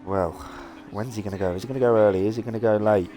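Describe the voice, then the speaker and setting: Bloke calling an online race, gets excited, a bit of hiss behind. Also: male voice, on the low side, fast talker. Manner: excitable, swears casually. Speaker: lead commentator. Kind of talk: sim racing commentary.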